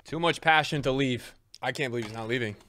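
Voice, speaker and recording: A young adult man giving live commentary over his own video game matches, excitable, jumping from loud yelps to low muttering. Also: fast talker, slight background noise. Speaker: gaming video creator.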